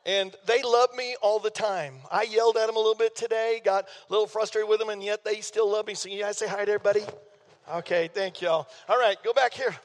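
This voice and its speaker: A man's voice: sits high, fairly even intonation, brisk. An older man, preaching a sermon as pastor in a folksy, playful way. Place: church sanctuary. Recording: long reverb of a church hall.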